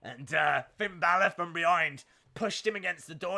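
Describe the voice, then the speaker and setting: A man's voice: fairly high pitch, moderate pace, creaky, bright, forceful tone. A young man hosting a casual live wrestling watch-along, chatty and upbeat with lots of fillers, reading out viewer messages. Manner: chatty, upbeat, many fillers, reads out chat. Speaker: live-stream reaction host.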